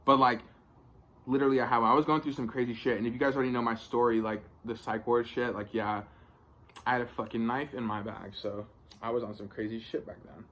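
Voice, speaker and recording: A man's voice: mid-range voice, fairly even intonation, brisk, fairly bright tone, a little hiss or hum. A young man telling a story in a casual vlog, rambling, swearing often and filling with "like". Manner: rambling, profane, filler-heavy retelling. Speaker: vlogger.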